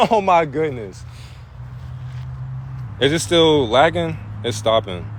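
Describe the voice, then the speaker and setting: Man, slightly high voice, streaming spiritual talk off the cuff, swears freely, slangy, builds to preachy bursts. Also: animated, slow, slight background noise. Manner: loose, profane, street-slang talk.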